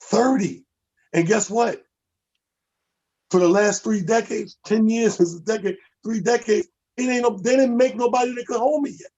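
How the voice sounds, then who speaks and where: A man's voice: high-pitched, normal speed, a little mellow, muffled recording. A man in his forties from New York, a comedian hosting a radio talk show, giving streetwise, emphatic advice. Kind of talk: casual radio chat.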